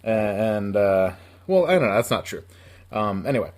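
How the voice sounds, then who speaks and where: A man's voice: on the low side, animated, normal speed, a little mellow. A man in his thirties from upstate New York, co-hosting a podcast and telling a long story in a casual, profane, rambling way, laughing often. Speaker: podcast co-host.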